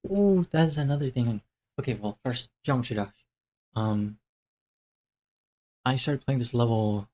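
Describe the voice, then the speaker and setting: Young man, casual vlog update, mid-pitched, rambling, lots of fillers and self-interruptions, camera mic. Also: unhurried, a little mellow. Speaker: vlogger.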